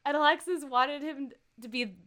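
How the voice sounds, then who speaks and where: A woman with a high-pitched voice speaks at a moderate pace as a podcast co-host recapping a TV episode. She chats casually, giggling a lot and staying animated, and playfully quotes characters in funny voices.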